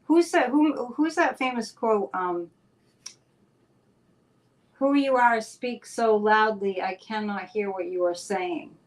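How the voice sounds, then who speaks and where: A woman's voice: mid-range voice, takes it slowly. A woman hosting a talk show as a psychic, chatting casually and running through announcements in an upbeat, rambling way. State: a bit out of breath.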